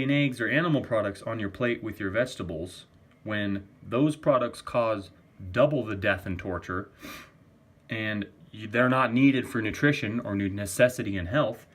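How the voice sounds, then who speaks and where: A man ranting in a casual vlog, arguing for a vegan diet, swearing often and repeating himself. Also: medium pitch. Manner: profane, argumentative, repetitive. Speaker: vegan vlogger.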